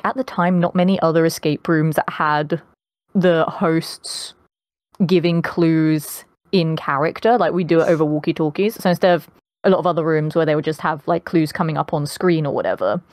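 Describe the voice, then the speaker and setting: A woman's voice: low voice, darkish tone, no room sound, clean studio sound. A young adult woman with a posh British accent, chatting as a podcast guest, with lots of ums. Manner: chatty, many ums, laughs often. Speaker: guest voice actress. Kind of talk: casual podcast interview.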